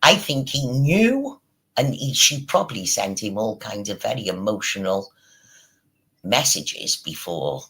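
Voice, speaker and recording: A man's voice: lowish voice, very animated, measured pace, bright, forceful tone, husky, low-quality recording. A man giving a sweary, mocking ranting commentary on his stream, scornful of the people he talks about.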